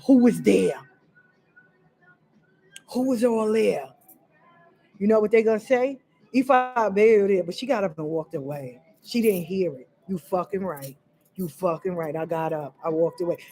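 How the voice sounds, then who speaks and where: A woman's voice: medium pitch, warm tone. Blunt, profane woman speaking her mind. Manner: blunt and profane, with emphatic repetition; fiery and direct, addressing listeners as y'all. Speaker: vlogger sharing personal experience. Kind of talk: unscripted monologue to camera.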